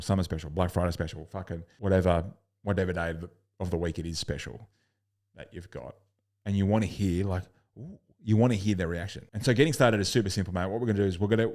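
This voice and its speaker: A man's voice: deep voice, darkish tone. A man coaching sales in a recorded lesson, blunt and upbeat, swearing casually and acting out customer calls.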